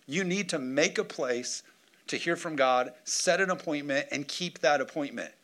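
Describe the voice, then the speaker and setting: Lively preaching man with jokes. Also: a little high, moderate pace. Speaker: pastor. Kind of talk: sermon. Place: church sanctuary.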